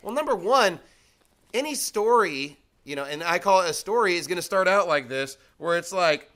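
A man's voice: high-pitched, expressive, brisk, pushed and bright, clean tone. A man preaching a sermon, reading scripture and mocking excuses in quoted voices. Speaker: pastor.

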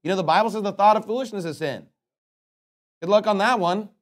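A man preaching a sermon in a conversational, sarcastic way, with joking asides and loud scripture reading. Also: high-pitched, brisk.

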